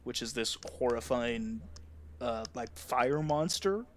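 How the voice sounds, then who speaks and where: A young man summarizing a book in relaxed, joking conversation, swearing casually. His voice sits at an ordinary middle pitch. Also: slow pace, slight background noise. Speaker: book club podcast co-host. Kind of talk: casual chat.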